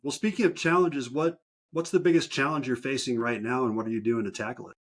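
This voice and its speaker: Relaxed chatty male podcast host. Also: mid-range voice, fast, breathy edge. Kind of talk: casual interview chat.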